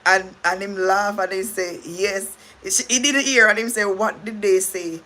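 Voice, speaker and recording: A middle-aged Jamaican woman talks casually on her livestream, with a bright, sharp-edged voice at an ordinary pitch. She rambles and restarts her sentences and thanks her viewers between thoughts. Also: steady tone, measured pace. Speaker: livestream host.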